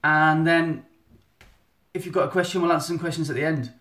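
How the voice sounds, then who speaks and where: A man's voice: a little high, steady tone, a little fast, fairly bright tone. A man, chatting casually and rambling a little as he gives a photographer's monthly live update from his phone at home. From England. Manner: chatty, rambling, self-interrupting. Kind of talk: casual live-stream chat. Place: indoor room at home. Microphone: phone at arm's length. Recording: echoey room on phone.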